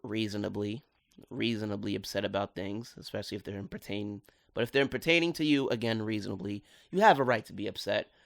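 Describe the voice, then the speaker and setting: A man giving casual video commentary on a cartoon episode, animated and full of slang. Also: on the low side, fast talker, gravelly. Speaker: cartoon reviewer.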